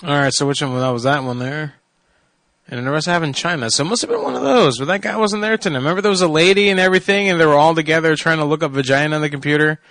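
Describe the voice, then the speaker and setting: A man's voice: fairly high pitch, very fast, a bit bright, slight background noise. A male radio host chatting casually and telling an amused story about a call. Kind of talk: casual chat.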